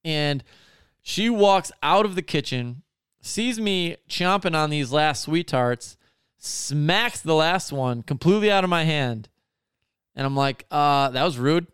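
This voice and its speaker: A man's voice: fairly high pitch, expressive, slow, fairly bright tone, clear, resonant tone, no echo, clean studio sound. A man telling a long story in a casual, rambling way, swearing often and full of fillers. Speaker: podcast co-host telling a story.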